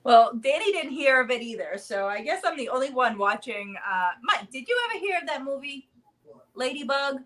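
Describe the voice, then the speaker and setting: A woman's voice: high-pitched, lively intonation, moderate pace, fairly bright tone. A woman in her thirties hosting a casual livestream, chatty and rambling, with lots of fillers. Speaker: livestream host. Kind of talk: casual live chat.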